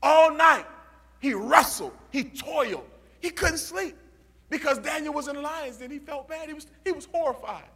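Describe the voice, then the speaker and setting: A pastor from Youngstown, Ohio, preaching a call-and-response sermon in a church that builds to shouts. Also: male voice, extremely high pitch, moderate pace.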